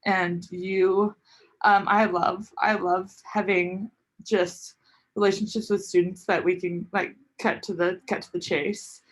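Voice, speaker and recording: A teacher, a woman, giving a heartfelt, halting farewell to a student on a video call, searching for her words. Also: medium pitch, little pitch movement.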